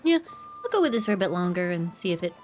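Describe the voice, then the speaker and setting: A woman's voice: lowish voice, big pitch swings, fast talker, a little mellow, soft background music. A young woman streamer chatting casually to her viewers while playing a game, giggling and swearing now and then. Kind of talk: casual gameplay commentary.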